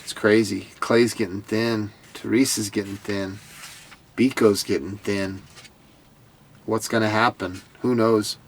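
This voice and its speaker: A man's voice: lowish voice, fairly even intonation, measured pace, slight background noise. A man giving a casual recap of a TV episode, in an earnest, heartfelt way that sometimes stumbles over repeated words. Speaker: TV show commentator.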